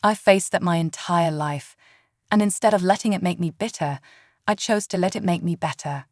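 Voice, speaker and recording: A woman's voice: on the low side, normal speed, a little mellow, no echo, clean studio sound, natural voice. A woman narrator voicing a composed woman politician, speaking steadily. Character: calm, dignified woman politician.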